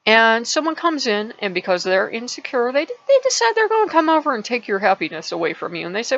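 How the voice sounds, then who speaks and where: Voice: mid-range voice, big pitch swings, fairly quick, gravelly, few pauses, a bit bright, muffled recording. A channel host telling a parable in a casual vlog, rambling and restarting words often.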